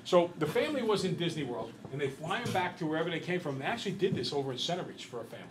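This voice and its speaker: A man's voice: on the high side, very fast, crowd noise, poor audio. A man teaching a math class, telling a long story and quizzing his students as he goes. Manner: lively, chatty storyteller who quizzes the class.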